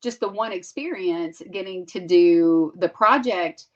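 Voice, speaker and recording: A woman's voice: on the low side, measured pace. A woman co-hosting a podcast, asking long rambling questions with many fillers. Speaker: podcast co-host. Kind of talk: casual podcast interview. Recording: dull lo-fi sound.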